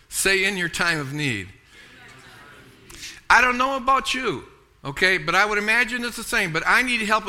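A man's voice: high voice, sharp tone. A middle-aged man preaching a sermon, emphatic, often repeating and restarting words and calling for amens. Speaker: pastor.

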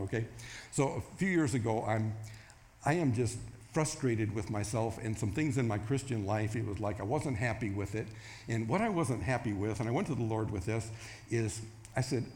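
A man preaching a sermon, telling a story casually and acting out the voices in it. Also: medium pitch. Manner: storytelling, acts out quoted voices with rising excitement. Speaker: pastor.

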